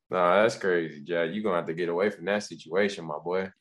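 A man's voice: low voice, fast talker, a bit bright. A laid-back man chatting casually about a show, slangy and laughing a lot. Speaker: show recap co-host. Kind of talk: casual reaction chat.

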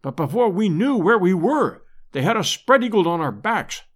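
A man's voice: high-pitched, very animated, normal speed. A man voicing a brash, hardy English adventurer lord in an audiobook, with clipped, urgent commands. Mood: grim. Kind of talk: audiobook character voice.

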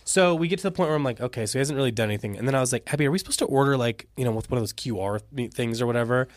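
A man's voice: medium pitch, racing, no echo, clean studio sound. A man co-hosting a podcast in casual chat, telling a story at length and acting out what people said. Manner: animated storytelling, acting out quotes. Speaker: podcast co-host.

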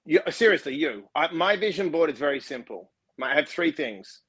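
A man's voice: fairly high pitch, sing-song, fairly quick, fairly bright tone, breathy edge, dry recording. A man talking as a guest in a casual interview, emphatic and intense, repeating himself for stress.

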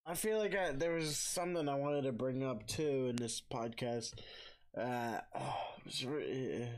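A man's voice: mid-range voice, unhurried. A man co-hosting a casual podcast chat, teasing his co-host and tripping over words now and then.

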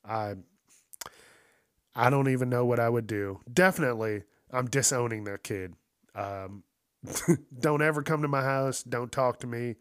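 A man's voice: mid-range voice, unhurried, pauses often, no room sound, clean studio sound. A man giving casual, profane commentary on an odd news story, incredulous and laughing often.

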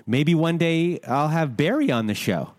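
A man's voice: fairly high pitch, expressive, normal speed, dry recording. A man from Toronto with a Canadian accent, hosting a podcast and chatting casually with a guest. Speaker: podcast host. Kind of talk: casual interview chat.

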